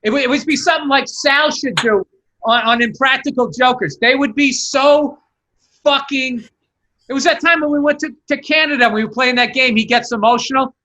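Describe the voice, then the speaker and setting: A high-pitched man spinning comic stories on a podcast, slipping into quoted voices and swearing freely. His tone is bright and bold. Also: a little fast. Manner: storytelling, acting out voices, swearing. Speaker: podcast co-host. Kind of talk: casual comedic chat.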